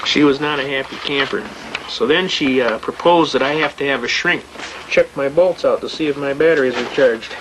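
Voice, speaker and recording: An older man lecturing to a live audience in a folksy, anecdotal way. He speaks in a plain-spoken, emphatic manner at an everyday pitch. Faint noise sits under his voice. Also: normal speed. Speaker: seminar speaker on constitutional rights.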